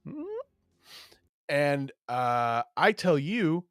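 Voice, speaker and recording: A man's voice: medium pitch, expressive, unhurried, no echo, clean studio sound. A man hosting a podcast in casual chat, joking, rambling with fillers and laughing often. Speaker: podcast host.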